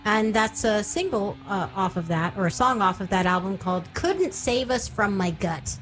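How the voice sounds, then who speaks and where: A woman's voice: mid-range voice, animated, moderate pace, a bit bright, faint music behind. A woman co-hosting a radio show, bantering playfully and introducing songs. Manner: playful, bantering, self-correcting. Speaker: radio co-host.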